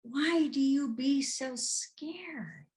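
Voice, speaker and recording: A woman voicing a calm male spiritual teacher who gently chides his frightened followers. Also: high-pitched, drawn-out words, voice pushed up, full character voice. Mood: gentle.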